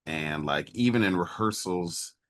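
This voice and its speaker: A man with an exceptionally deep voice speaks slowly as a podcast guest. He talks in a relaxed, halting way, restarting his sentences and leaning on fillers as he gathers his thoughts. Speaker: podcast guest, stage actor. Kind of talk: casual interview chat.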